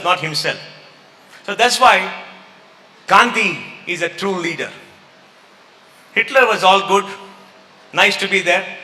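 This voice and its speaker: A man's voice: high voice, sharp tone, a little hiss or hum. A man with an Indian English accent giving an emphatic, rhetorical motivational talk to an audience and taking questions. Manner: emphatic, rhetorical, mixes in Hindi phrases. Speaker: guest speaker. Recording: echoey hall.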